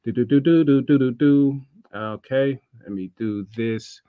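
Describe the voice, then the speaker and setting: A man's voice: mid-range voice, a little slow, clean tone, no room sound, narrow, tinny audio. An American man co-hosting a casual wrestling podcast, loose and laughing, swearing freely and humming to himself. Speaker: podcast co-host. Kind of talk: casual chat.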